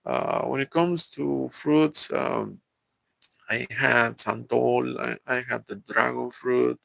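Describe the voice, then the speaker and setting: A man with a Mexican accent whose first language is Spanish, chatting casually on a live stream. His voice is deeply gravelly and bright, with a lot of fry. He talks in a halting way, full of fillers and restarts, in a dry room with no echo. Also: fairly even intonation. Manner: halting, many fillers and restarts, chuckles often. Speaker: livestream host. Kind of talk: casual live-stream chat reading viewer comments.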